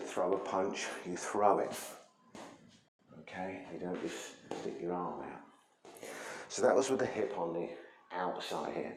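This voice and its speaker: A man's voice: low voice, darkish tone, roomy sound, a little hiss or hum, poor audio. A man teaching a martial arts lesson, explaining things conversationally while he demonstrates moves.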